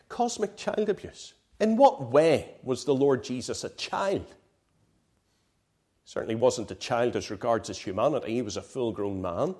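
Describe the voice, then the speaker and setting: A man's voice: mid-range voice, animated, unhurried. A man preaching a sermon in an impassioned, emphatic way, often asking his listeners "right?".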